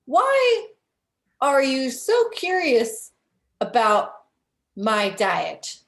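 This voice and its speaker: A woman voicing a suspicious, gruff male guide who asks probing questions and makes veiled threats. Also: high-pitched, huge pitch swings, very slow, fairly bright tone, roomy sound, voice pushed up, full character voice.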